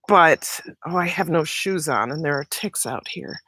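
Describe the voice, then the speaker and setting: This livestreaming vlogger speaks expressively in a slightly bright voice on the low side, at normal speed with few pauses. She strolls outdoors around a house in summer, greeting viewers by name and recovering from a sore throat, on a low-quality recording.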